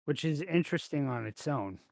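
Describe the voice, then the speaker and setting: A man co-hosting a casual podcast chat over a video call, talking in an animated, jokey way. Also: on the high side, fairly quick, gravelly, no room sound. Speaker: podcast co-host.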